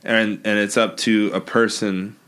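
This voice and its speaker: A man co-hosting a casual movie-review chat who thinks out loud in a loose, questioning way, with casual swearing. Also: lowish voice, level tone, a little slow. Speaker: podcast co-host.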